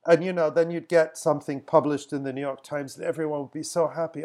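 A man's voice: fairly high pitch, flat delivery, quick pace, hardly any pauses, a little mellow. Reflective man, conversational podcast guest. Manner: reflective, often restarts sentences. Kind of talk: casual conversational answers.

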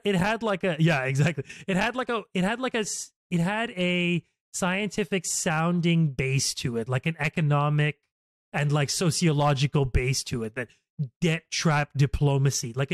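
Rambly podcast guy, kinda high voice, tons of "like"s, super dry sound. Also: no room sound. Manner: rambling, many fillers and restarts. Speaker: podcast host. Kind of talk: casual political chat.

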